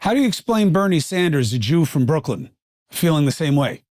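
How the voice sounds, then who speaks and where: A man hosting a podcast, talking in a conversational interview with fast, rambling asides. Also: fairly high pitch, sing-song, a little mellow, no room sound, studio quality. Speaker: podcast host.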